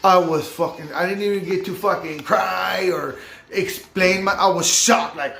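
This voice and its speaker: Man, casual vlog storyteller, street slang and cursing, slightly high voice, echoey room. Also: unhurried, gravelly, slight background noise. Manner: profane street slang, lively retelling. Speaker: vlogger recounting a recovery-home stay.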